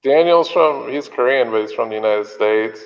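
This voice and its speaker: A man chatting casually as a podcast co-host, talking in a relaxed, hesitant way. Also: medium pitch, normal speed. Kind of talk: casual chat. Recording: dull audio with long reverb.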